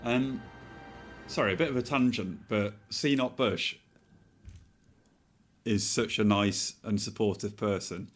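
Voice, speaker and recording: A British man streaming and chatting casually, soft-spoken and rambling off on tangents. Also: fairly low pitch, measured pace, long pauses, soft background music. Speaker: Twitch streamer. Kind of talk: casual chat while streaming.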